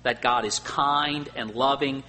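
A male pastor preaching a sermon, swinging between loud emphatic lines and quiet asides. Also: mid-range voice, steady tone, a little slow. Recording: faint hum and long hall reverb.

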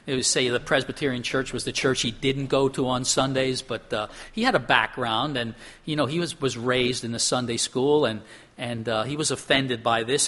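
A middle-aged man preaching a sermon, earnest, climbing high for emphasis and dropping soft and low on solemn points. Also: fairly even intonation, normal speed. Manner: earnest, rises in pitch for emphasis and drops softly for solemn points. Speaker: pastor.

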